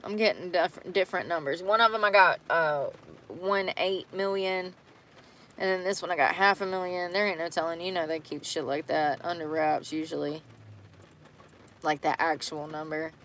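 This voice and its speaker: A woman's voice: on the low side, steady tone, normal speed, a bit bright, a little hiss or hum. A young woman, chatting casually and reacting to a news story with blunt, laughing disbelief.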